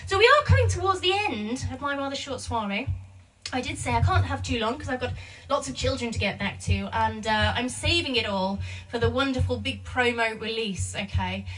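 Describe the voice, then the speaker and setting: A woman's voice: a little high, animated, moderate pace, a bit bright, far from the mic, slight background noise. A woman in her thirties, a singer hosting her own live stream, chatting casually and greeting viewers by name as she reads their comments. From England. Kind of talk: casual chat to online viewers.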